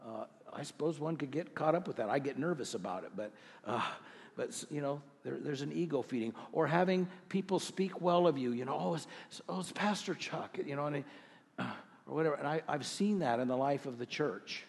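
A middle-aged male pastor preaching a sermon to his congregation, earnest, with rhetorical questions and slow scripture readings. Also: fairly high pitch, vocal fry, darkish tone, husky, long reverb tail. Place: church sanctuary.

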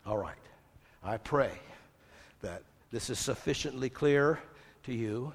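An older man preaching a sermon, lively, asking rhetorical questions and quoting scripture. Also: mid-range voice, takes it slowly, creaky, slightly rough. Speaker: pastor. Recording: long hall reverb.

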